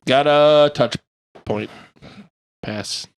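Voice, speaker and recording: A man's voice: on the high side, clear, resonant tone. A man hosting a casual podcast, running a quiz and reading the questions out with jokes in between. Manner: reads quiz questions out slowly, jokey. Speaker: podcast host and quizmaster.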